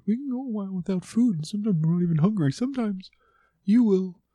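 A man voicing his pet ball python as a whiny, rude snake in a high voice, on a casual podcast. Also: warm tone, no echo.

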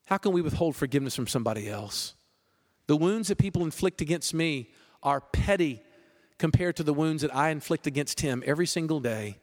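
A man preaching a sermon as pastor, conversational and animated, with jokes. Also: a little high, in a large hall.

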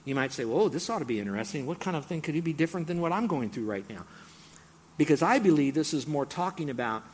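An older male pastor delivers a sermon in a fairly high voice that swings widely as he goes. He leaps up in pitch and volume with excitement, then settles lower to explain a point. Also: fast talker, breathy edge. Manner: animated, jumps high and loud when excited, drops low for teaching.

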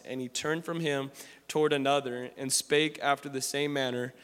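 A man's voice: mid-range voice, fairly even intonation, normal speed, a bit bright, clear, resonant tone. A man preaching a sermon, reading scripture aloud and then commenting on it in casual, slangy talk with frequent restarts. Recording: long hall reverb.

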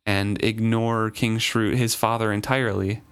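A man's voice: on the low side, steady tone, measured pace, clear, resonant tone. A man hosting a book discussion, reading passages aloud and talking through them earnestly. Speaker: podcast host discussing a novel. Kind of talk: casual chat and reading aloud.

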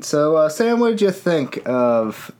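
A man's voice: fairly high pitch, big pitch swings, measured pace, a little mellow. Easygoing man chiming in on a podcast. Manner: easygoing, chiming in with quips and questions. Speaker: podcast co-host. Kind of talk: casual chat reviewing a holiday special.

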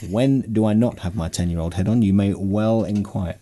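A man's voice: fairly low pitch, normal speed, dark tone. A man hosting a film podcast, chatting casually in a jokey, self-mocking way. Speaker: podcast host. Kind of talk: casual chat.

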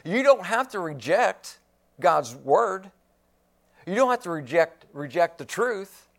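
Slow, high-voiced preaching man. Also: very animated. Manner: slow, emphatic preaching with repeated phrases; clears throat at times. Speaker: pastor. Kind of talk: sermon.

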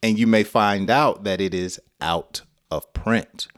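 A middle-aged American man teaching an English lesson on a live stream, playful, acting out example sentences. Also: on the low side. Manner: slow, playful, acts out example lines with laughs.

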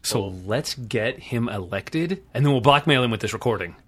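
A man's voice: medium pitch, expressive, normal speed, husky. A man co-hosting a podcast, chatting casually with wry chuckles. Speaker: podcast co-host. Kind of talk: casual chat.

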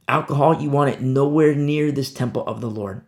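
Gravelly male preacher, emphatic. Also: medium pitch, moderate pace. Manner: emphatic, rhetorical questions; swings between loud and hushed. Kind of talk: sermon.

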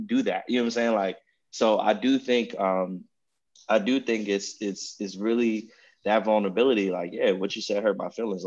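Man podcast co-host, reflective and conversational, lowish voice, dull audio. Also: darkish tone. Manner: reflective, conversational, frequent "you know what I'm saying". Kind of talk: casual podcast chat.

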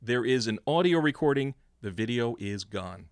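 A man co-hosting a podcast in casual chat, jokey and quick to banter. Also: medium pitch, expressive, no echo, clean studio sound. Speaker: podcast co-host.

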